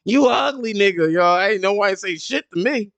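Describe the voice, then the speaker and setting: Animated, profane man hosting a gaming podcast. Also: normal speed, no echo. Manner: animated, profane storytelling with high-pitched put-on quotes. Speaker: podcast host. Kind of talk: casual podcast chat.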